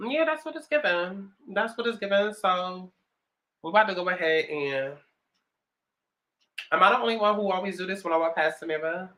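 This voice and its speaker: A vlogger around thirty speaks in a lowish, pushed, bright voice with a New York accent. She does her makeup at home in a casual get-ready-with-me chat, sassy and heavy on the profanity.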